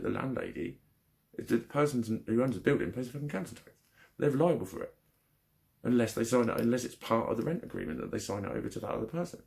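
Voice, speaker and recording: A man's voice: mid-range voice, creaky, a little mellow. A young man venting angrily in a personal vlog, swearing heavily and retelling a frustrating phone call. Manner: angry, frustrated, heavy swearing. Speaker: vlogger. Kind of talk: ranting vlog.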